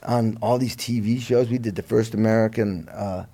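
A middle-aged musician telling his career story in a relaxed interview, lively and a bit profane, laughing along. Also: on the low side, moderate pace. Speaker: guest musician.

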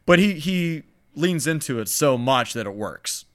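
A man's voice: fairly high pitch, expressive, a little slow, a bit bright. A young man co-hosting a podcast, chatting casually about films in a rambling way with lots of fillers. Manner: rambling, many "like" fillers, chuckling. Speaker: podcast co-host.

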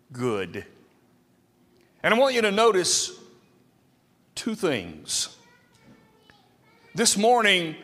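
Male preacher, high and animated, slow and deliberate, reverberant church hall. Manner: lively, dramatic delivery with acted quotes. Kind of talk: sermon.

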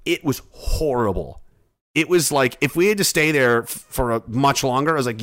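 A man's voice: mid-range voice, expressive, moderate pace, a bit bright. A man ranting in a rambling, sarcastic comedy monologue, swearing often. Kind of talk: profane comedic rant.

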